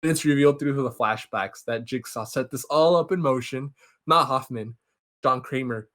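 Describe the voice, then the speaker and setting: A young man hosting a podcast, casually recapping a film series and jumping into quick impressions of the characters. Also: medium pitch. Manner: animated, acts out characters' lines in quick impressions. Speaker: podcast host.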